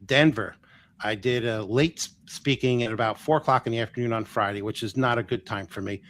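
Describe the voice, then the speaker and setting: A man guest in an interview, telling stories in a lively way, acting out the dialogue and laughing often. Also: medium pitch, fairly quick, a little hiss or hum. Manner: animated storyteller who acts out dialogue and laughs often. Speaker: energy healer guest. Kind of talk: storytelling interview.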